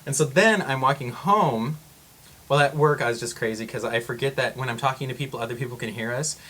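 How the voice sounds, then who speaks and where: A man vlogging to camera, telling a story in a rambling, excitable way with frequent exclamations. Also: mid-range voice, a little fast.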